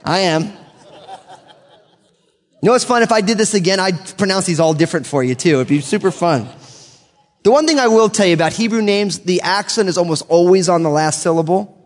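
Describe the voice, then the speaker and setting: An American man leads a verse-by-verse Bible teaching, his voice sitting a little high for a man. He reads through passages and slips into easy, joking asides. Long reverb trails each phrase, as if he's in a big hall. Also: expressive, brisk. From United States. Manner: casual and joking between readings.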